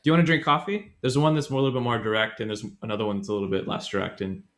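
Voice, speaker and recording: A man's voice: on the low side, very fast, slight background noise. A man co-hosting a casual podcast, explaining grammar in a loose, rambling way with many fillers, self-corrections and frequent laughs. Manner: laughs often.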